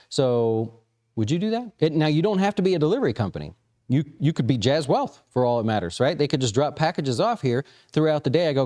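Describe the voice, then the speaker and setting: A man's voice: a little high, sing-song, brisk, warm tone. A man hosting a casual market commentary for an investment firm, talking loosely with many fillers and restarts. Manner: conversational, frequent fillers and restarts.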